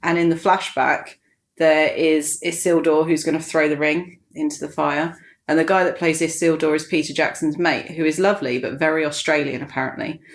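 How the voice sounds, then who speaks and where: A woman's voice: low voice, fairly even intonation, normal speed. A woman guest chatting casually on a podcast as an enthusiastic film fan.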